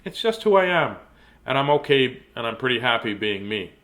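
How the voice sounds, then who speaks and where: A man's voice: medium pitch, sing-song, moderate pace, fairly bright tone. A middle-aged man hosting a live-streamed children's storytime, chatty and playful, easily sidetracked and greeting young viewers by name. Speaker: children's book reader and show host.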